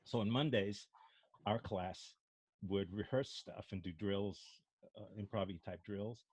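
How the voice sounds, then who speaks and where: A man's voice: fairly low pitch, a little slow, darkish tone, slightly rough, dry recording. An older man from Brooklyn, with a faint Brooklyn accent, telling rambling stories with many restarts as an improv instructor. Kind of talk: casual discussion.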